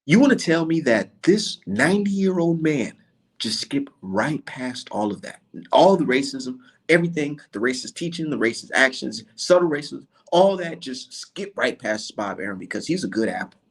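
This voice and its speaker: A man's voice: medium pitch, big pitch swings, moderate pace, breathy edge. A man giving a heated, profane, sarcastic rant full of rhetorical questions, speaking as a commentator to his audience.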